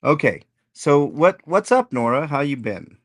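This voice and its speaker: A man hosting a live stream chat, relaxed and halting, with frequent "like" and "um". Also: on the high side, no echo, clean studio sound. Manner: relaxed, halting, says "like" and "um" often. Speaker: host.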